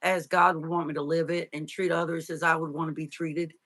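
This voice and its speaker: Bright-voiced woman telling a hard story. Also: sits low, level tone. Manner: halting, tearful, many fillers and restarts. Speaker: interview guest. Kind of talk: emotional personal storytelling.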